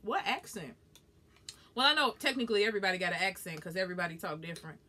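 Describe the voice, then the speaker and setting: A young woman with a Southern US accent talks casually and bluntly while she eats and reads viewer comments. Her voice sits in the mid range and moves at a quick pace, and she comes across as blunt, profane, and animated.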